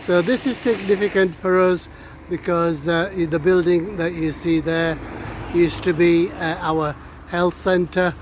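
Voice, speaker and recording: A middle-aged man talks his way down a street, slowly and out of breath, with a fairly high voice. He stops often on "uh" and speaks straight to his viewers. Faint traffic hums behind him outdoors. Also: steady tone. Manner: hesitant, many "uh" fillers, addresses viewers. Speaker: vlogger giving a local tour. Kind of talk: casual walking commentary.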